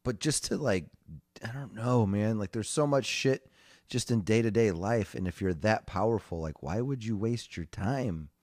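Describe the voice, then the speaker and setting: A man's voice: on the low side, moderate pace, darkish tone, no echo, clean studio sound. A man co-hosting a casual talk, asking reflective questions with many fillers. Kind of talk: casual chat.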